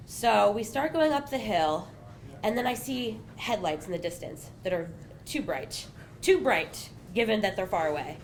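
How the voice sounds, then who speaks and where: A woman's voice: mid-range voice, animated, normal speed, a little hiss or hum. A young woman telling a personal story on stage at a small bar, chatty and self-mocking, full of asides. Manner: conversational, self-mocking, full of "you know" and "like". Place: small bar venue with live audience.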